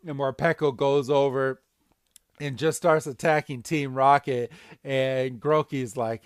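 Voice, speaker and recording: Slow-talking man recapping a cartoon. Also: steady tone, clear, resonant tone, no room sound, studio quality. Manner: acts out characters with big high-pitched voices. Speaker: podcast co-host. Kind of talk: casual episode recap.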